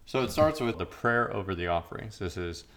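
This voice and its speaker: A man co-hosting a podcast, explaining liturgical prayers in a measured way. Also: fairly low pitch, lively intonation, fairly bright tone. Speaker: podcast co-host. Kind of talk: casual chat about liturgy.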